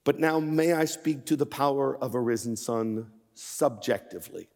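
A man in his sixties preaching a sermon as guest speaker, shifting from measured storytelling to impassioned, emphatic appeals. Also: mid-range voice, fairly even intonation, gravelly, a little mellow, in a large hall. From Pennsylvania. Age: 60s.

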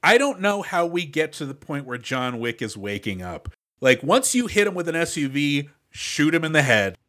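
A man co-hosting a podcast, talking excitedly as an enthusiastic fan of the movie. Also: fairly high pitch, moderate pace. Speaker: podcast co-host. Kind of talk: casual movie discussion.

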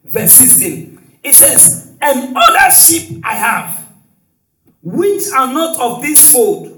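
A male preacher delivering a sermon in call-and-response style, with shouted exclamations and frequent hallelujahs. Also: very high voice, big pitch swings, takes it slowly, background noise. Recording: echoey hall, distant mic, faint music.

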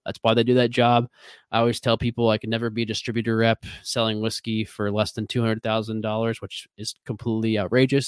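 Midwestern guy in interview, low-pitched, loose and chatty. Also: clean tone, no echo. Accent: Midwestern American. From American Midwest. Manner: rambling, many fillers and restarts. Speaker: whiskey brand ambassador. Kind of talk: casual interview talk.

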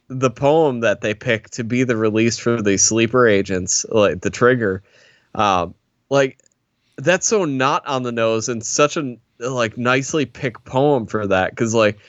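A man's voice: mid-range voice, a little slow, fairly bright tone, dry recording, highs cut off. A man cohosting a movie podcast, enthusiastic and stammering through restarts as he talks. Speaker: podcast co-host. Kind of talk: casual movie discussion.

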